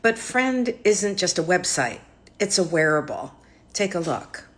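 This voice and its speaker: A woman's voice: on the low side, big pitch swings, a little slow, a bit bright. A woman marketing expert giving casual, skeptical commentary to camera in a conversational way.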